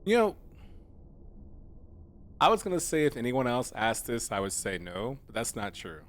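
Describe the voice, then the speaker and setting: A man's voice: mid-range voice, sing-song, fairly quick, a bit bright. A man streaming a video game, chatting casually and joking in a rambling, playful way. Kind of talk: casual let's-play commentary.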